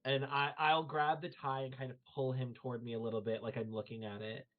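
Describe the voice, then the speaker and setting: A man's voice: medium pitch, little pitch movement, brisk. A man playing a tabletop role-playing game, flirty and playful in character. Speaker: player. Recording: tinny phone-like stream audio.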